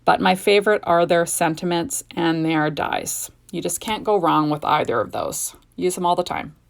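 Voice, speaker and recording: A woman's voice: lowish voice, moderate pace, creaky. A middle-aged woman hosting a casual card-making tutorial at home, chatty and gushing, with rambling asides. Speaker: card-making video host. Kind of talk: casual craft tutorial chat.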